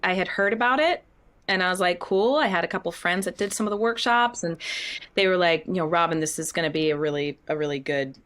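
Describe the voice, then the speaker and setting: A woman in her thirties, a stage actress, telling stories in an interview in a candid, animated way, acting out quotes and laughing often. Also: fairly low pitch, fast talker. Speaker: guest, Broadway actress.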